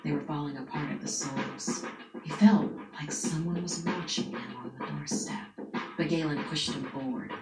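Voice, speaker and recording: A woman narrating a scary story in a hushed, dramatic way, with music playing behind her. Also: deep voice, steady tone, normal speed. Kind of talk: scripted spooky story narration. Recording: echoey room with music behind. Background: background music.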